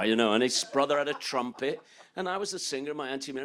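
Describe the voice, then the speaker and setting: A man's voice: medium pitch, expressive, brisk, a bit bright. An older man from England, a musician telling rambling, joking stories in an interview, laughing often. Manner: rambling, joking, laughs often, breaks into song and quoted voices. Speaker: guest musician. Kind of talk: storytelling interview.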